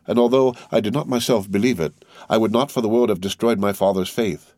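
A man's voice: on the low side, a little mellow, dry recording, natural voice. An earnest young man presses his point with sincere urgency, voiced by a male audiobook reader. The sound is dry and close. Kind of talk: audiobook character reading.

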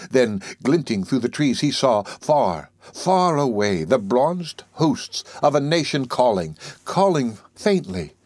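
A man narrating literary prose in a measured, expressive reading that slows and quickens for effect. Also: medium pitch, dry recording. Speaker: audiobook reader.

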